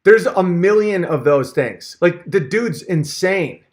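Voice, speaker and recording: Fired-up ranting man, slightly high voice. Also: lively intonation, takes it slowly. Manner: heated, profane, sarcastic, with rambling restarts. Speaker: channel host. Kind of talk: comedic rant vlog.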